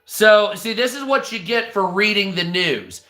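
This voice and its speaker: High, bright-voiced man ranting on a livestream. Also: expressive, a little slow. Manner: crude, swears heavily, thanks viewers mid-sentence. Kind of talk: profane livestream rant. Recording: echoey room.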